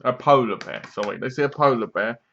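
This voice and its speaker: A man's voice: medium pitch, brisk, gravelly, fairly bright tone, muffled recording. A man casually reviewing a movie, rambling along, leaning on "basically" and correcting himself as he goes. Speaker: film reviewer.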